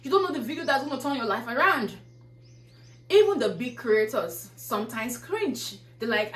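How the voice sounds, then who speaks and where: A woman's voice: a little high, expressive, moderate pace, roomy sound, low-quality recording. A woman YouTuber giving a casual motivational talk, preaching through a stream of rhetorical questions.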